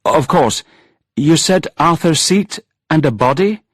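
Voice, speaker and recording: A man's voice: fairly high pitch, lively intonation, a little slow, dry recording, clean studio sound, voice pushed up. A man reading a storybook and voicing a hungover male writer who mumbles and protests, groggy and flustered.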